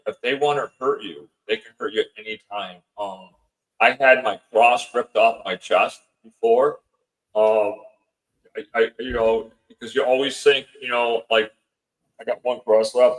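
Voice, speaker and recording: A man, a podcast guest, recounts a frightening night in a halting way, stumbling and repeating words as he goes. His voice sits at a middle pitch. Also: poor audio. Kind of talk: storytelling in a podcast interview.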